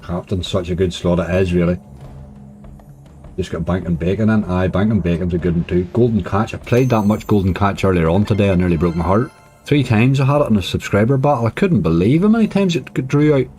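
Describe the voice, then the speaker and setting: A man's voice: deep voice, expressive, a little fast, darkish tone, soft background music. A man casually commenting on his slot play, chatty and cheering when bonuses land. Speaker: slots streamer.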